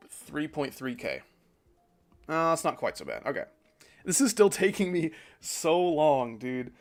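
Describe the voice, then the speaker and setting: Dude chatting through his gameplay stream, casual and rambly, swings his pitch around a lot. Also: fairly bright tone. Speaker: gaming streamer.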